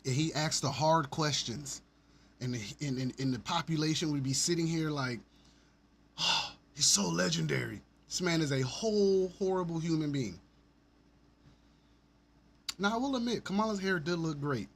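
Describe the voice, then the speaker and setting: Male podcast host, mid-high voice, rambling profane commentary, home setup with faint background noise. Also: normal speed. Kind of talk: ranting solo commentary.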